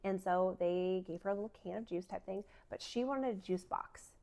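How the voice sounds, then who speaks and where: Woman in her thirties, chatty vlogger, relaxed storytelling with lots of "like"s, medium pitch. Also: normal speed, gravelly. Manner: chatty, many filler "like"s, laughs often. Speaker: vlogger sharing a faith story. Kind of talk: casual personal storytelling.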